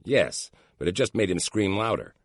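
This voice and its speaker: A man's voice: low voice, very animated, normal speed, no echo, studio quality, pitched above the performer's own voice, full character voice. A man voicing a morose young male agent who reports a problem in a glum, weary way in an audiobook.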